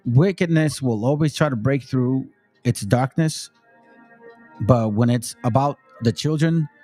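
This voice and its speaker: A man's voice: medium pitch, unhurried, dark tone, soft background music. A man hosting a channel, giving blunt, preachy commentary on video clips, swearing freely and reading scripture aloud in a stately cadence.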